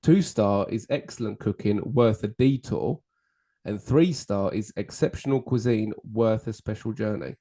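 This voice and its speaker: A man, co-hosting a podcast in casual chat, relaxed and trailing off mid-sentence, swearing in passing. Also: lowish voice, normal speed. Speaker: podcast co-host.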